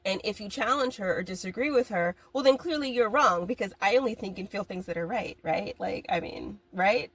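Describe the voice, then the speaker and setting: A woman hosting a casual podcast, speaking candidly in an animated storytelling manner. She laughs often and swears freely. Her pitch sits in an ordinary middle range for a woman. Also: a little fast, hardly any pauses. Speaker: podcast host.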